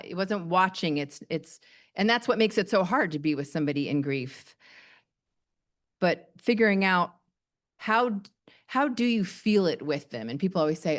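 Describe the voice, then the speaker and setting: A middle-aged woman giving a sermon in a gentle, plainspoken, reassuring way. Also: fairly low pitch, animated, measured pace. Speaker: pastor.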